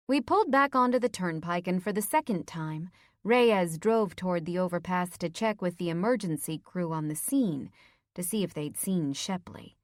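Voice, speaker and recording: A woman narrating a first-person romance audiobook, expressive and rising brightly on the heroine's lines. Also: lowish voice, moderate pace, dry recording, clean studio sound.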